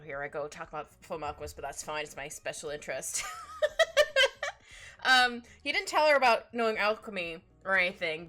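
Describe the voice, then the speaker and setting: Woman rambling away while she draws on stream, really bouncy pitch, faint music under her. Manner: rambling, excitable, laughs often. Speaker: art streamer. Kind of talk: casual chat while drawing live. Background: faint background music.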